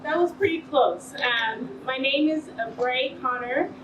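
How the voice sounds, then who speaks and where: A woman's voice: sits high, measured pace, lo-fi sound. A young woman from the American South giving an earnest, formal acceptance speech. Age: young adult. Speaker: award recipient. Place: event hall. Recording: echoey hall from far off with noise.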